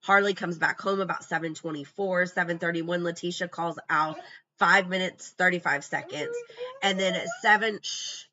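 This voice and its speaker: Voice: medium pitch, normal speed, muffled recording, a crowd in the background. A true crime commentator going through a timeline from notes in casual talk, blunt and scornful, with profane asides.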